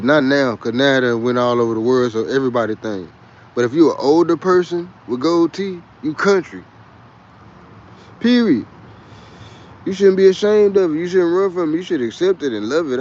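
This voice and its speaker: A man's voice: a little high, a little mellow, muffled recording, a little hiss or hum. A man with a Texas twang, chatting in a rambling, boisterous and profane way on a casual livestream. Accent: Texan. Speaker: livestream host.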